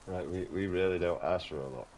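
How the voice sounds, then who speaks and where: A man's voice: low-pitched, a little fast, a little mellow, a little hiss or hum. A man chatting casually over gameplay, rambling, swearing freely and calling the listener mate. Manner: rambling, swears a lot, keeps saying "mate". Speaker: gaming channel host.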